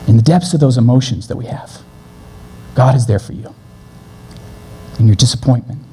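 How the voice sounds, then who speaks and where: A man preaching a sermon as pastor, earnest, moving between brisk stretches and slow, gentle passages. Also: mid-range voice, slight background noise. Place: church.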